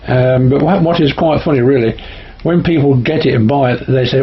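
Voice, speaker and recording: A man's voice: mid-range voice, a little fast. A man, a local author, chatting about his book in a self-deprecating way. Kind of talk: casual radio chat. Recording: muffled radio recording with faint noise.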